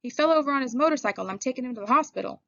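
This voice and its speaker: A woman reads as a reckless teenage greaser, a hotheaded street kid who barks his words in urgent, clipped bursts. His voice carries a gravelly roughness, pushed up higher and louder than the narration. The recording is dry and a bit dull. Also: expressive, racing, no echo, heavily acted. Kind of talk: audiobook character voice.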